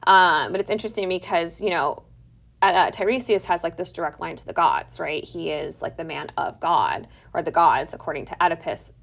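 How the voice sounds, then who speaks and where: A woman's voice: lowish voice, brisk, gravelly, fairly bright tone. A woman teaching a literature lesson in a casual, chatty way, full of "like" fillers as she retells the story. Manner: chatty, many "like" fillers, paraphrases characters conversationally. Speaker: teacher summarizing a play.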